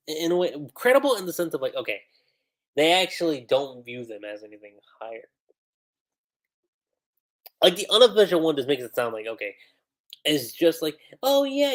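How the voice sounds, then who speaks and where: A man hosting a livestream, reading manga dialogue aloud and commenting on how two translations differ, acting out the lines with lively emphasis. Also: on the high side. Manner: reads character lines aloud with animated emphasis.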